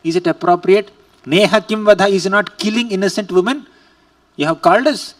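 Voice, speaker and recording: A man's voice: high-pitched, fairly quick, recorded from a distance, voice pushed up, close to an everyday voice. A man voicing young women devotees who plead and reproach their beloved Lord.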